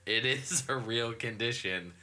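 Slow-talking bright-voiced man chatting. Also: medium pitch, slight background noise. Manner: laughing, swearing, skeptical. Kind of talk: casual chat.

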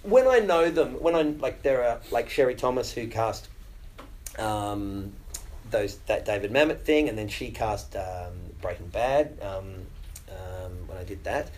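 A middle-aged Australian actor talking casually in an interview, chatty and self-deprecating, with many fillers and restarts. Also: male voice, lowish voice, lively intonation, measured pace, a little mellow, slight background noise, low-quality recording.

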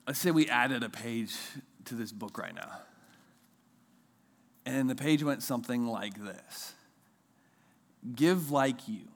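A man in his thirties, a pastor, giving a conversational sermon and acting out quoted voices with big leaps in pitch. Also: measured pace, pauses often.

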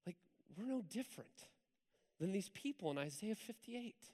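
A man preaching a sermon in church, telling a story in a lively, conversational way with asides to the congregation. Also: high voice, moderate pace. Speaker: pastor. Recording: hall reverb.

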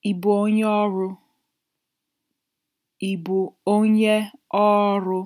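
A woman teaching a podcast language lesson, saying each phrase twice slowly and deliberately before explaining it. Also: medium pitch, level tone, darkish tone.

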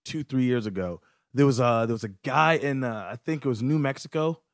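An easygoing man of middling pitch speaks as a guest on a talk podcast. He rambles with fillers and chuckles as he goes. The recording is dry and close, with no room sound. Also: a little fast, no room sound. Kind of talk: casual chat.

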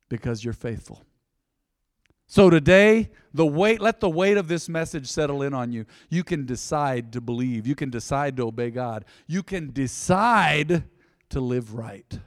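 A male pastor preaches in a folksy, chatty way, slipping into short acted-out exchanges between people. His voice sits fairly high for a man. It carries a long hall reverb over an otherwise dry close sound. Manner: folksy and conversational, acting out little dialogues. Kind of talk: sermon.

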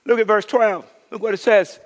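A man preaching a sermon as pastor, calling the congregation to respond and dropping to a hush for emphasis. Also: sits high, steady tone, normal speed. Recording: long reverb in a church hall.

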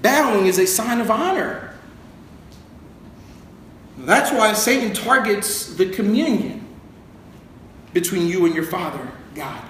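A man's voice: high voice, expressive, slow, pauses often, a bit bright. A man preaching a sermon in a conversational, joking way, asking the congregation to repeat words. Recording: very echoey room with faint noise.

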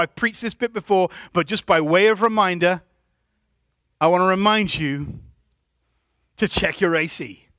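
High, bright-voiced preacher man. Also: no room sound. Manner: preaching with call-and-response to the congregation; builds to loud emphatic shouts. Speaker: pastor. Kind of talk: sermon. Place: church.

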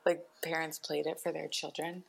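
A woman's voice: sits low, little pitch movement, normal speed, creaky, slightly rough. A woman co-hosting a comedy podcast, bantering playfully and laughing. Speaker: podcast co-host. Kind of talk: casual comedic chat.

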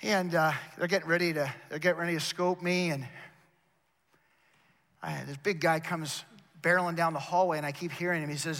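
This man's voice is slightly high and a little bright, moving at normal speed as he preaches a sermon in a university chapel. He rings out emphatically, repeating words and addressing the congregation head-on. A long reverb from the big chapel hangs over the recording.

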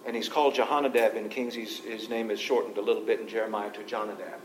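A man speaks quickly in a steady tone while teaching a group Bible study, reading scripture aloud and explaining it in a conversational manner. The recording comes from an echoey room with a faint low rumble.

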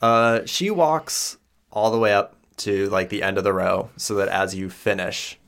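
Low, creaky-voiced male game master, narrating scenes with frequent fillers. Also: a little slow, a bit bright. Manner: descriptive, with many fillers.

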